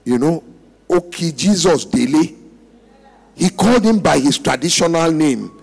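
A man preaches in a church service, his high voice leaping and falling wildly between shouts and hushed lines. His tone is husky and gravelly, pulling the congregation into call and response, with faint music underneath. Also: animated, a little slow. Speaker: pastor. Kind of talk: sermon.

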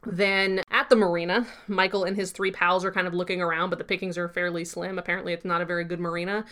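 A woman's voice: on the low side, fast. Chatty woman recapping a TV episode. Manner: chatty, lively storytelling with many fillers. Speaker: podcast co-host. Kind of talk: casual episode recap chat.

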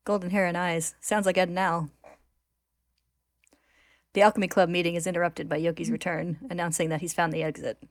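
A woman narrating a story recap in a steady, clear retelling. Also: on the low side, fairly quick, long pauses, no room sound.

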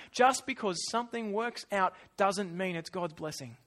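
A man preaching a sermon, animated and acting out quoted voices, then dropping to quiet asides. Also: high-pitched, moderate pace, hardly any pauses.

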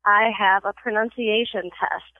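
A woman's voice: mid-range voice, steady tone, a little slow, no echo. A woman in casual chat, quizzing her friend and giving short verdicts between giggles. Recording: tinny phone-line call.

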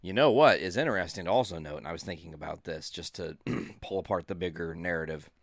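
A man co-hosting a podcast, discussing a comic story in a measured, analytical way. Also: sits low, dry recording, clean studio sound. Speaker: podcast co-host. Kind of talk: casual comic book discussion.

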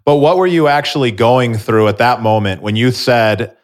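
A man's voice: medium pitch, normal speed. A man with a mid-range voice hosts a podcast interview. He speaks reflectively, summing up what his guest says. He leans on key points as he talks to listeners. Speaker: podcast host. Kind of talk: interview conversation.

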